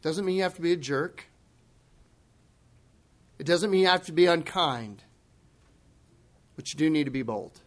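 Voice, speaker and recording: A man preaching a sermon, emphatic, dropping low and quiet, then rising into loud, forceful bursts. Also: normal speed, long pauses. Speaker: pastor.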